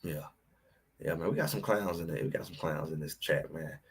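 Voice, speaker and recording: A man hosting a livestream and ranting about college football, addressing his chat directly in an animated, preachy way. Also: a bass voice, normal speed, slightly rough. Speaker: sports talk host. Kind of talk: livestream sports commentary.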